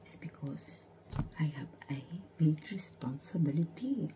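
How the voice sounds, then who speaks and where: A woman in a whispered personal monologue, halting and repeating herself, close to tears. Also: sits low, lively intonation, noisy background.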